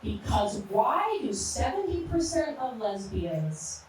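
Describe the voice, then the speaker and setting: A woman's voice: a little high, sing-song, slow, a little mellow, heavy reverb, distant mic, slight background noise, low-quality recording. A woman in her thirties performing a brash, punchy stand-up set in a live comedy club. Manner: brash, punchy storytelling with crude jokes.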